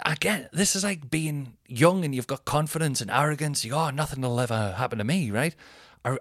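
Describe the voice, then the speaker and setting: Male comic host, 30s, mid-pitched, animated sweary storyteller, dry mic. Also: no room sound. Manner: rambling, sweary, animated anecdote-telling. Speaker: comedian podcast host. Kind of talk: casual storytelling.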